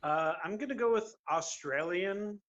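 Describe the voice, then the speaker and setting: A man's voice: high voice, a little slow, fairly bright tone, highs cut off. A man from Utah, a podcast guest chatting in an easygoing way. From Utah, United States. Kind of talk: casual interview chat.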